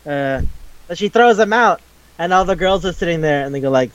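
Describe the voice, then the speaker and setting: A man co-hosting a casual podcast chat, excitable and rambling, swearing freely as he talks. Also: on the high side, quick pace, lo-fi sound. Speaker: podcast co-host.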